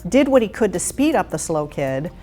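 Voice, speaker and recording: A woman's voice: lowish voice, big pitch swings, normal speed. A middle-aged woman telling her career stories in an interview, candid and reflective, often restarting her sentences. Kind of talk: interview storytelling. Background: soft music.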